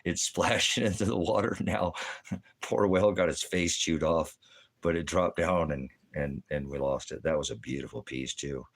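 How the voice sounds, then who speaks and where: Man, very deep voice, casual vlog talk, rambling, halting, repetitive. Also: creaky, slightly rough. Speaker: vlogger. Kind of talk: casual chat.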